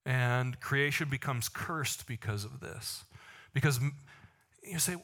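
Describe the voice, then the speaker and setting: A man preaching a sermon to a congregation, animated, with joking asides and slow, emphatic lines. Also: medium pitch. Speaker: pastor.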